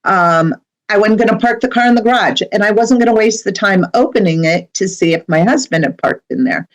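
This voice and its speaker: A woman's voice: mid-range voice, expressive, brisk, low-quality recording. A middle-aged woman, a medium, telling a personal story as a podcast guest in a chatty way, with many fillers and asides.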